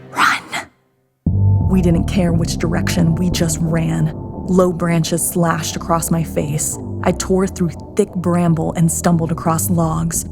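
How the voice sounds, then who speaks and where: A woman narrating a first-person horror story in a hushed, tense manner. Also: lowish voice, gravelly. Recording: narration over soft music.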